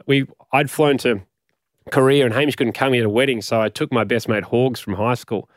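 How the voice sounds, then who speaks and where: A man in his forties with an Australian accent, telling animated anecdotes as a guest and laughing often. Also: medium pitch, fairly quick, dry recording, studio quality. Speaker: radio and podcast host, guest. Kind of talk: casual storytelling.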